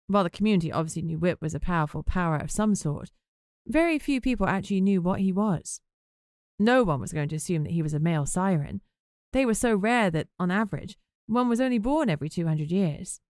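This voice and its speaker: A woman's voice: lowish voice, darkish tone, clear, resonant tone, no echo. Female audiobook narrator, wry first-person read, dry booth sound.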